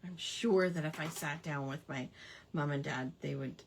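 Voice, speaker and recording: A woman's voice: low voice, normal speed, slight background noise. A woman hosting a casual craft hangout, chatty and playful, savoring quirky old words with giggles. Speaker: craft livestream host.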